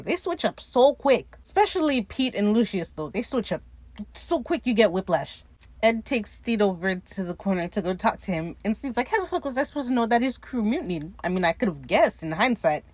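A woman's voice: on the high side, normal speed, no echo. A woman giving a casual, sassy recap of a TV episode, laughing often and swearing freely as she retells scenes. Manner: animated, laughing often, retelling scenes with playful quoted voices. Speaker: recap podcaster.

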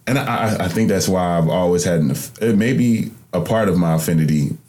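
A young man hosts a podcast, speaking into a microphone in a reflective, rambling, colloquial way during a casual interview conversation. His voice sits low and is a little mellow, and he talks fairly quickly.

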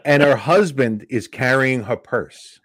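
A man in relaxed conversation, spinning comic anecdotes and slipping into the voices of the people in them. The recording is dry and close, with no room sound. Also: medium pitch, a little slow, dry recording. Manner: animated anecdotes, acting out quoted women. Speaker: stand-up comedian. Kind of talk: casual storytelling chat.

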